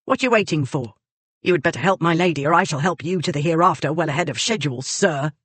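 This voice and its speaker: A narrator voicing a fierce, loyal lady's maid who speaks bluntly and briskly in a storybook reading. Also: sits low, slightly rough, no echo.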